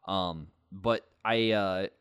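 A man's voice: sits low, drawn-out words, fairly bright tone, clean tone, dry recording, studio quality. A man co-hosting a casual gaming chat, rambling with fillers and restarts and laughing often. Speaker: podcast co-host.

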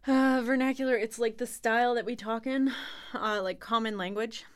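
A woman's voice: on the high side, steady tone, normal speed, clear, resonant tone. A young woman co-hosting a casual podcast, laughing often and reading definitions aloud with a wry tone. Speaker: podcast co-host.

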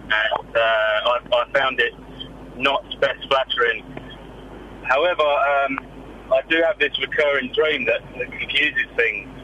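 A man's voice: mid-range voice, fairly even intonation, a little slow, pushed and bright, lo-fi sound, slight background noise. A man in his twenties with an English accent and a slight Australian twang, phoning in sheepishly from his car. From England. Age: 20s. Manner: sheepish, laughs things off. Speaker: caller.

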